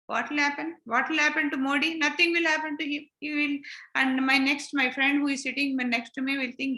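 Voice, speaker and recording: A woman's voice: high-pitched, flat delivery, brisk, pushed and bright. A woman giving a scripture lesson to children, explaining with rhetorical questions. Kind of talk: spiritual lesson. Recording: roomy echo.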